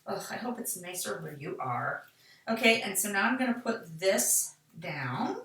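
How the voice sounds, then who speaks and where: A woman's voice: medium pitch, big pitch swings, unhurried, fairly bright tone. A middle-aged woman, casually demonstrating card making and chatting to herself as she works. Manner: chatty, talks to herself while working. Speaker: card-making tutorial host. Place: craft room. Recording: echoey room, mic at a distance.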